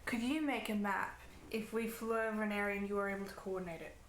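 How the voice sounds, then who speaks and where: A woman's voice: mid-range voice, steady tone, fast talker, a little hiss or hum. A woman playing a tabletop game, playful and giggly in casual chat. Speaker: player. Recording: echoey room.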